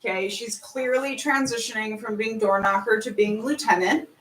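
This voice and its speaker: A woman songwriter talking through her show, higher voice, lively, chanting lyrics, roomy and off mic. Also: moderate pace, far from the mic. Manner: animated, breaks into sung and chanted lines. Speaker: songwriter pitching a musical. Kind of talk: casual pitch, half-sung lyrics.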